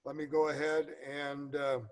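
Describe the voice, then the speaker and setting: A man moderating a candidate forum, speaking haltingly with many filler words. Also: a little high, completely flat delivery.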